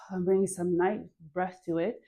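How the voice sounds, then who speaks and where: A young woman guides a home dance class, chatting and cheering the viewer on as she moves. Her voice is mellow and relaxed, and she sighs softly between cues. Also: on the low side. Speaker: dance instructor.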